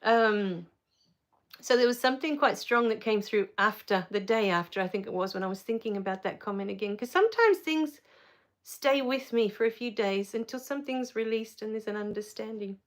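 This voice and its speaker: Soft-spoken woman, fairly high voice. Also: moderate pace. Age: adult with a child. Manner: soft-spoken, tender, laughs and tears up easily. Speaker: spiritual live-stream host. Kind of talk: live Q&A reading viewer comments.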